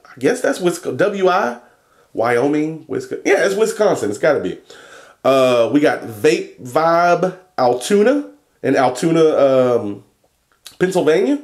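Profane, joking young man reading shout-outs. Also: a little high, big pitch swings, measured pace. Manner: profane, joking, stumbles over place names. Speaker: vlogger and e-liquid maker. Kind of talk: casual vlog shout-outs.

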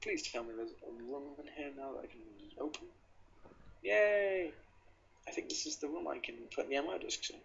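A man's voice: on the high side, animated, moderate pace, vocal fry, fairly bright tone, breathy edge. A man from England giving casual, joking commentary while playing a video game, reading the on-screen text aloud. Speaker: gameplay commentator. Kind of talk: casual let's play commentary. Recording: dull lo-fi mic.

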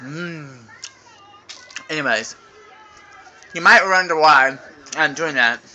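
A man's voice: on the high side, slow, pushed and bright. A man chatting in a casual, rambling vlog from home into his phone, talking while chewing candy. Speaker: vlogger. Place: at home, indoors. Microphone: phone camera.

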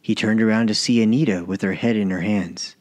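Low-voiced man narrating a story. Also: steady tone, fairly quick, a little mellow. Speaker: author and narrator. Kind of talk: scripted audiobook narration.

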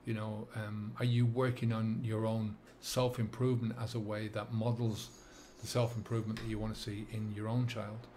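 A middle-aged man with a Dublin accent speaks in a slightly low voice as a sobriety coach. He talks earnestly and reflectively, often pausing on fillers and restarting his sentences. A faint hum of ambient noise sits under his voice. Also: flat delivery, dark tone. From England and Ireland. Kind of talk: reflective monologue to camera.

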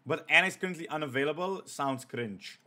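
Ein junger Mann streamt ein Horrorspiel und kommentiert es locker, derb und spöttisch. Seine Stimme ist recht hoch und hell, mit einem scharfen Klang. Zwischendurch liest er die Texte auf dem Bildschirm laut vor. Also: male voice, fairly high pitch, a little fast, sharp tone. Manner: profane, joking, reads on-screen text aloud. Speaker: gaming streamer. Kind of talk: let's play commentary.

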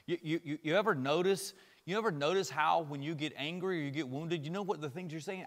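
High-voiced male pastor preaching. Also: fairly quick, long reverb tail. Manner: impassioned preaching, swinging from loud to quiet; conversational asides and repeated phrases. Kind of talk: sermon.

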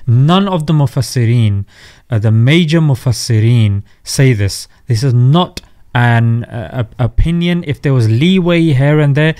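A man's voice: mid-range voice, measured pace, mellow. Man explaining religious scholarship. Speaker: co-host. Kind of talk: casual commentary.

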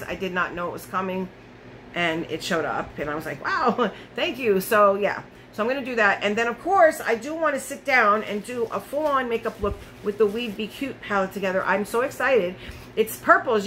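A woman talks to her viewers in a loose, rambling vlog chat, often restarting her sentences. Her voice is bright and forward, at a middle pitch. A faint hum of ambient noise sits under the recording. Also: poor audio. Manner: chatty and rambling, with frequent restarts. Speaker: beauty vlogger. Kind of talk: casual chat to camera.

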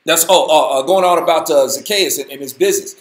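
Man preaching bible stuff real casual and folksy, higher voice, echoey room. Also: quick pace. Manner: animated, folksy, slangy preaching. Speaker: host, Bible teacher. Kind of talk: casual Bible study talk.

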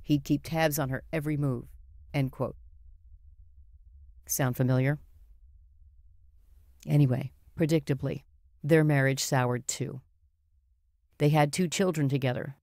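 A woman's voice: low-pitched, mellow, no echo. Woman, middle-aged, true-crime podcast host, emphatic narration, dry studio sound.

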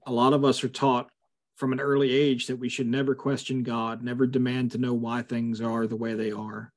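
A man of middle pitch guides a Bible study over a video call. He speaks casually, with many fillers, and breaks into firm asides when he feels strongly. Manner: conversational, frequent fillers, emphatic asides. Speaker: pastor leading a Bible study.

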